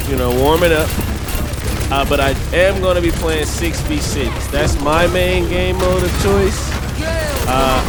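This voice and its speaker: A young man giving laid-back, chatty commentary over his own gameplay as a gaming channel host. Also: a little high. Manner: laid-back, chatty, laughs often, says "man" and "brother". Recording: loud game music underneath.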